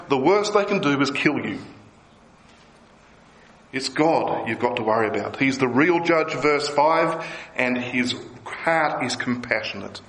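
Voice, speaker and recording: A man preaching a sermon as pastor, lively and emphatic. He voices the people he quotes with a rising pitch. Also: measured pace, roomy sound, low-quality recording.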